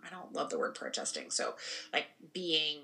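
A woman's voice: sits low, huge pitch swings, normal speed, bright, forceful tone, rough recording. A young woman co-hosting a podcast in casual conversation, rambling and tagging her points with "right?". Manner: rambling, frequent "right?" tag questions. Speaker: podcast co-host and spiritual practitioner.

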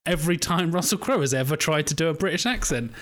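A man's voice: fairly high pitch, expressive, quick pace, a bit bright. A man co-hosting a casual film review podcast, swearing often, laughing and acting out quotes. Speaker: podcast co-host.

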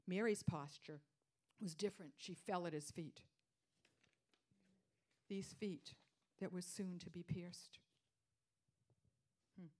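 A woman preaching a sermon, repeating her phrases for emphasis and dropping into hushed whispers before rising to loud declarations. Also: lowish voice, steady tone, takes it slowly, long pauses.

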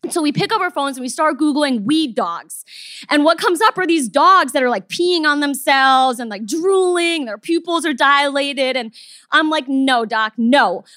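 High-voiced woman telling a personal story. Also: normal speed, no room sound, studio quality. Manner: expressive, acts out the people she quotes. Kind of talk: personal story told to an audience.

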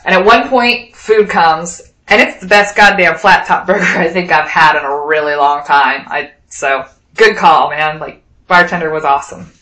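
A woman with a somewhat low voice tells a rambling personal story in a lively, casual way and jumps into the voices of the people in it. She sounds like she is in an echoey room. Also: normal speed. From Wyoming. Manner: lively anecdotal, acts out quoted dialogue.

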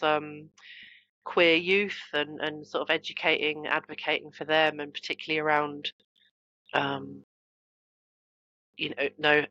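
A woman with a low, forceful voice speaks as a podcast guest. She tells her stories in an animated, self-mocking way and often restarts her sentences. The recording is dry and a little dull, like lo-fi podcast audio. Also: no echo. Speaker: guest, author and trauma coach. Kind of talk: podcast interview, personal storytelling.

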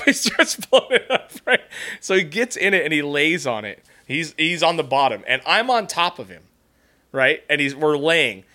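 A man with a bright, forceful voice hosts a casual podcast. He tells a rambling, profanity-laced story and breaks into laughter often. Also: a little high, expressive, moderate pace. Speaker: podcast host.

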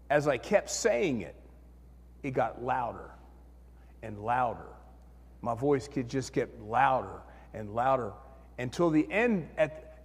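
A man preaching a sermon as pastor, telling a story in an animated way and acting out the voices in his head. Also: mid-range voice, husky, long reverb tail.

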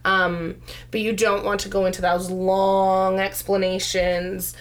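A woman's voice: medium pitch, little pitch movement, slow pace. A woman giving parenting advice in a casual chat, conversational with frequent fillers. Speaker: parenting discussion co-host.

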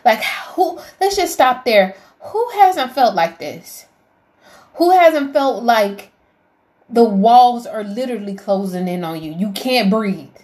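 A woman's voice: fairly high pitch, expressive, takes it slowly, darkish tone. A woman giving a heartfelt devotional talk, emotional and preacherly, rising to fervent appeals. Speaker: faith vlogger.

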